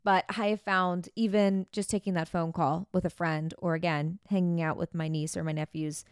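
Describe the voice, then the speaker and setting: A woman's voice: lowish voice, flat delivery, normal speed, clear, resonant tone, no room sound, clean studio sound. A woman hosting a podcast, talking frankly and chattily about herself in a candid self-help monologue. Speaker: podcast host.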